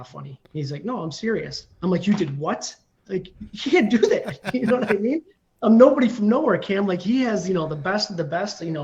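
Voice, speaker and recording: A man's voice: fairly high pitch, gravelly, dull audio. A man in his forties, a firefighter guest, telling a story casually with many ums and you-knows.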